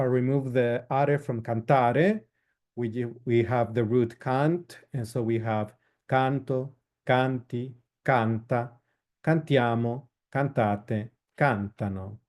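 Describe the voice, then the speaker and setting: Male instructor, unhurried and halting, warm low-key tone, lists forms one at a time. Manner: slow, halting explanation with frequent fillers; spells out verb forms one by one. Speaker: Italian instructor. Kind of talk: recorded lecture.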